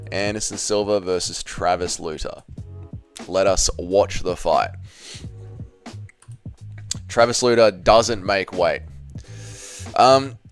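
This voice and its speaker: A man from Australia with an Australian accent, casually reading chat and bantering with viewers on a live stream. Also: fairly low pitch. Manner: banters with viewers, swears freely.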